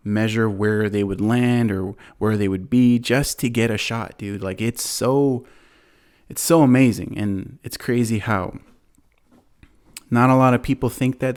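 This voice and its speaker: Male podcast host with a lowish voice who recaps films in a loose, filler-heavy ramble. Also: darkish tone. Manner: rambling, many fillers, acts out quotes. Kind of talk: casual movie recap.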